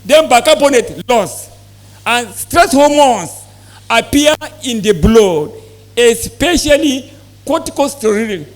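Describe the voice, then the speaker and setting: A man's voice: extremely high pitch, very animated, slow. A man gives a live presentation to poultry farmers, often asking the audience questions and repeating key points. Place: exhibition hall presentation.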